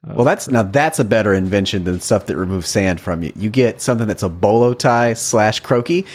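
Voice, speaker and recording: A man co-hosting a podcast in casual chat, playful and quick to slip into silly put-on accents. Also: fairly low pitch. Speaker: podcast co-host.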